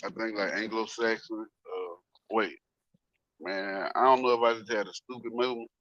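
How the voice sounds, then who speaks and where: A man's voice: fairly low pitch, fairly even intonation, normal speed, fairly bright tone, dry recording, lo-fi sound. A man co-hosting a podcast, joking around and trailing off into long ums. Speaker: podcast co-host. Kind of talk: casual podcast chat.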